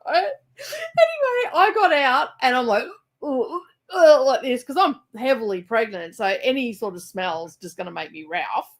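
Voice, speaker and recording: Animated Australian woman telling stories. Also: a little high, normal speed, hardly any pauses. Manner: animated storyteller, laughs often. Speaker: co-host of a live reading stream. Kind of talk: casual chat. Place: rural home library.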